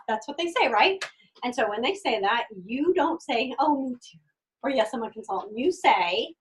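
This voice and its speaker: A woman giving an energetic sales training talk, acting out customer conversations and repeating words for emphasis. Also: fairly high pitch, moderate pace. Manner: energetic, acts out customer dialogues. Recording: voice from a distant mic.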